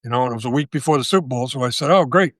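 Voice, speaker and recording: A man in his sixties, a guest telling a story in a casual interview, animated and profane, often checking with "right?". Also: medium pitch, very fast, dry recording, clean studio sound. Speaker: guest, author and veteran.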